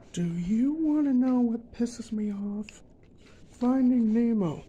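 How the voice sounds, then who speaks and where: A young man ranting in a vlog, emphatic and repetitive, filling pauses with uh and um. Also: very high-pitched, lively intonation, mellow, breathy edge, poor audio. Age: young adult. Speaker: vlogger.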